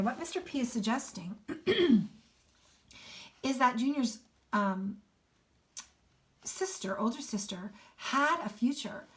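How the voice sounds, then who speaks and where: A female English teacher who reads a novel aloud and stops to explain passages in short asides. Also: on the high side. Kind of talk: read-aloud with commentary.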